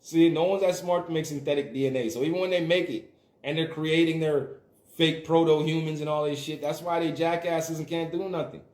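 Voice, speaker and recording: High-voiced man ranting in an echoey room. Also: fairly even intonation, brisk, darkish tone. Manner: profane, emphatic ranting. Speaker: livestream host. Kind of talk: casual livestream rant.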